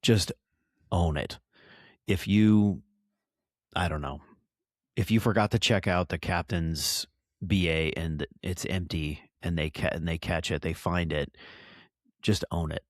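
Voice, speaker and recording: Very deep-voiced man giving advice. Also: a little slow, long pauses, dry recording, studio quality. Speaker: podcast co-host. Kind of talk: casual podcast chat.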